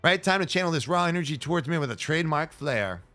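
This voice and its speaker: A man putting on a gruff, boozy master smith. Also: fairly high pitch, expressive, fast, bright, forceful tone, soft background music. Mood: proud. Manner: bluff, old-fashioned turns of phrase. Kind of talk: reading game dialogue aloud.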